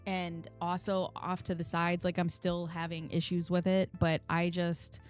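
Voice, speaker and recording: A woman's voice: lowish voice, monotone, unhurried, faint music behind. Candid middle-aged woman chatting casually. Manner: candid, swears freely, emotional storytelling. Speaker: channel host. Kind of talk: casual live chat reading comments.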